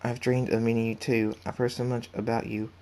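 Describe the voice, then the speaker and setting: A man's voice: mid-range voice, little pitch movement, brisk, warm tone, natural voice. A man doing Nightlock, a young mare pony. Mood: eager. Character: young female pony, eager granddaughter.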